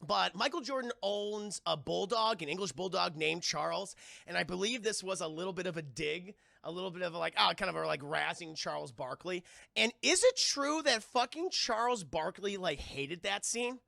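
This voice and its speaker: Animated, gravelly man ranting about a film. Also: sits high, normal speed, no room sound, studio quality. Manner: profane, animated, lots of restarts. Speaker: film reviewer and streamer. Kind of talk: casual live-stream spoiler review.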